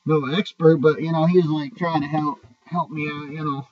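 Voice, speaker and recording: A man's voice: fairly high pitch, level tone, moderate pace. A man who drives a truck, casually telling a story from the road with frequent swearing and restarts. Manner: rambling, profane, restarts often. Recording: dull, distant mic.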